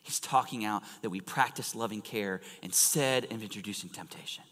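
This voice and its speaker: Guy preaching a sermon, bright tense voice, goes loud then almost whispers, big echoey church hall. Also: lowish voice, normal speed. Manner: animated storytelling, swinging from loud emphasis to hushed near-whispers. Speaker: pastor. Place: church sanctuary. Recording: long reverb of a large church hall.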